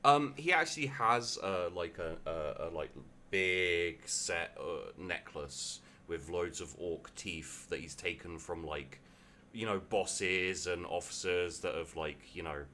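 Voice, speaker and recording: A man's voice: deep voice, takes it slowly, pushed and bright, slight background noise. A man narrating as game master of a tabletop game, describing scenes with many hesitations and fillers. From England. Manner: hesitant, many ums and likes.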